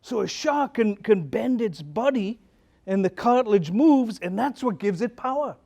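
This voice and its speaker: A man's voice: high voice, lively intonation, moderate pace, creaky, a little mellow. A man, a pastor, giving a conversational talk at a conference, telling stories and asking the audience questions. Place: conference hall.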